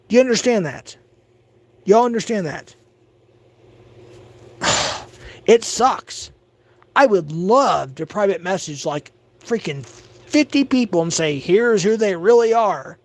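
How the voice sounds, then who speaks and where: A man on a livestream delivers an agitated rant in a fairly high voice. He stammers, doubles back on his words and repeats himself as he talks. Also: dry recording. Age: adult. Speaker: livestream host.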